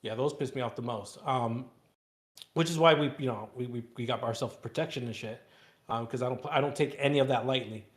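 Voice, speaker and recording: Man, mid-pitched voice, live trading stream host, loose rambling chat, repeats words. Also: brisk.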